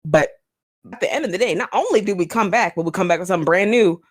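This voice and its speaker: A woman co-hosting a podcast in casual chat, chatty and quick to laugh, with many fillers. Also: fairly low pitch. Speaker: podcast co-host.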